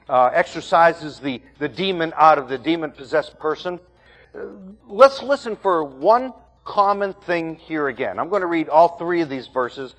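Emphatic pastor preaching a sermon. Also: male voice, on the high side. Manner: emphatic preaching with repeated phrases.

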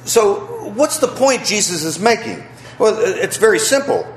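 A man's voice: high voice, sing-song, a little slow, slight background noise. A male pastor preaching a sermon to his congregation, emphatic and full of rhetorical questions. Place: church sanctuary with congregation. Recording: echoey church sanctuary.

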